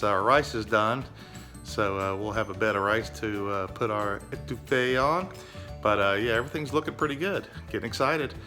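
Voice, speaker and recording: A man narrating his home cooking in a relaxed, chatty way, with many fillers. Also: lowish voice. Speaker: home cook.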